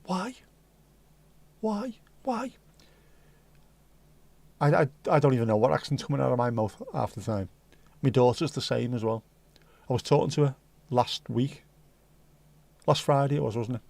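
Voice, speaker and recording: A man's voice: mid-range voice, brisk, vocal fry, darkish tone, no room sound. A middle-aged man with a Liverpool accent, hosting a livestream and chatting casually to his live chat with jokey, rambling asides. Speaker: livestream host.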